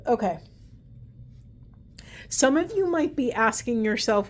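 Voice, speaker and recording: A woman's voice: on the high side, animated, slow pace, long pauses. A woman giving a casual, meandering tarot-style card reading at home, talking aloud to spirit as she goes. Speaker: tarot reader.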